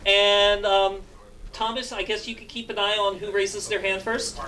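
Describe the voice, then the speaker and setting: A man's voice: sits high, little pitch movement, moderate pace, pushed and bright. A man doing stand-up comedy and hosting, with lots of fillers, laughing at his own jokes. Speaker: stand-up comedian and show host.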